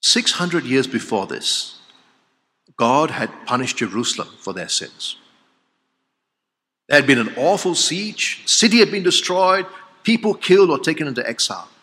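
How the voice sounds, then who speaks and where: A man delivers a sermon in a large hall with a long, ringing reverb. His voice is bright and fairly high, with a lively, swooping pitch. He moves between loud exclamations and quiet, solemn lines. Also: moderate pace. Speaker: preacher.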